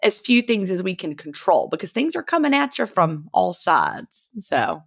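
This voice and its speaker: A woman's voice: lowish voice, sing-song, normal speed, vocal fry, husky, no room sound, clean studio sound. A woman in her fifties with a Southern US accent, chatting as an interview guest and laughing often at herself. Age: 50s. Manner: laughs often, self-deprecating. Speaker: guest author. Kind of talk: casual interview chat.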